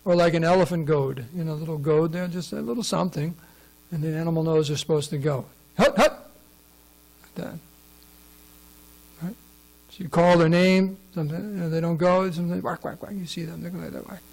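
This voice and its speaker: Through a rough recording, a class speaker teaches scripture quickly in a fairly high, creaky, slightly mellow voice with fairly even intonation. He talks conversationally and regularly asks the audience questions.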